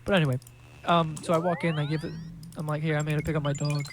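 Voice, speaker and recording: A man's voice: on the high side, little pitch movement, fast talker, music in the background. A young man hosting a podcast, telling rambling, profane, joking stories in casual chat. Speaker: podcast host.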